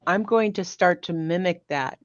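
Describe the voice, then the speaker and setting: A woman's voice: fairly low pitch, moderate pace, dry recording, lo-fi sound. A woman guest in a casual group chat, telling stories in a conversational way. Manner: storytelling, conversational. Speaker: guest, claims interviewer.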